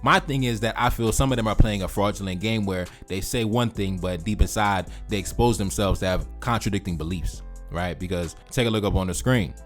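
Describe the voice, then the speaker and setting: A man's voice: fairly low pitch, fairly quick, soft background music. A man hosting a reaction video, giving emphatic, repetitive commentary with slangy asides. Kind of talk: commentary reacting to social media posts.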